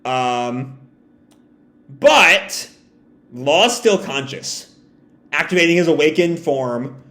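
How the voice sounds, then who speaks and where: A man hosting a live comic reading reaction, chatty and animated, with asides and fillers. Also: on the high side, slow. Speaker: host. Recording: roomy echo.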